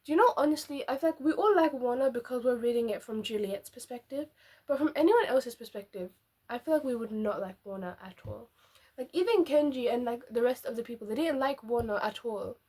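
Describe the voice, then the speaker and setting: Giggly young woman with a husky voice. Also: a little high, lively intonation, brisk, a little mellow. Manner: chatty, giggly, rambling asides. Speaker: book vlogger. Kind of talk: casual reaction chat.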